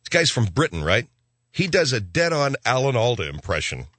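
A male talk radio host rambles through his monologue, gruff and sarcastic. His bright voice rises and falls a lot as he riffs. The sound is dry and close, with no room around it. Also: medium pitch, big pitch swings, moderate pace, no room sound.

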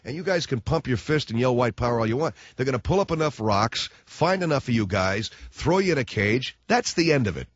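A man's voice: medium pitch, animated, brisk, few pauses, no echo. Brief: blunt, sarcastic male radio host ranting into a studio mic, dull dry sound. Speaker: radio talk show host. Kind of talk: talk radio monologue.

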